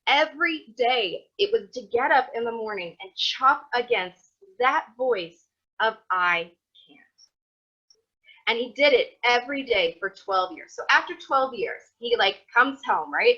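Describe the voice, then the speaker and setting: A woman, teaching a motivational class in a chatty, animated way. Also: fairly high pitch, unhurried, slightly rough. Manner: animated, chatty, acts out quotes. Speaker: Torah teacher. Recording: dull lo-fi sound.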